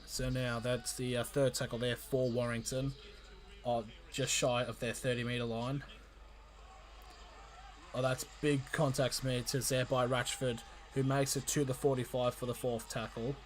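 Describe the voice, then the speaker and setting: A man calling a rugby league match live for his stream, in an amateur play-by-play style that jumps in excitement and often stumbles and corrects himself. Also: mid-range voice, unhurried. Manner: excitable, frequent restarts and self-corrections.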